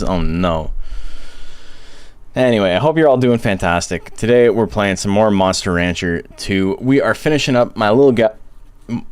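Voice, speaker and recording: A man with a deep voice chats casually on a live stream, rambling and poking fun at himself. He keeps getting interrupted by hiccups. The sound is dry, with no room echo. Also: a little mellow. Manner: chatty, rambling, self-deprecating. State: has hiccups.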